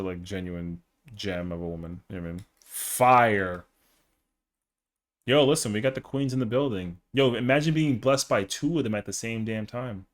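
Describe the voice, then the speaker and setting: A young man chatting casually on a live stream, rambling in slang with lots of fillers. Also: medium pitch.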